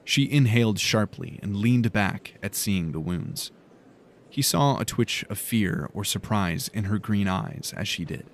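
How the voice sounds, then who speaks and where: A man reading a fantasy audiobook in calm, measured narration. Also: on the low side, gravelly, slight background noise.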